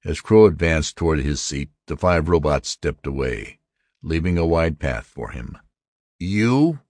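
A man reading a story aloud as narrator, measured and steady. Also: extremely low pitch, no room sound, clean studio sound. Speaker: audiobook narrator. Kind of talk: scripted narration.

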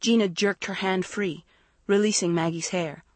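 A woman reading a suspense novel aloud in a measured, steady narration. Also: fairly low pitch, dry recording. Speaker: audiobook narrator. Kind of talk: scripted narration.

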